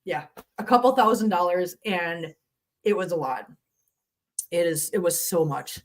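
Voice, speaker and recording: A woman's voice: on the low side, expressive, a little slow. A middle-aged woman hosting a casual cat live stream from her home studio, chatting with viewers, answering the chat and laughing often.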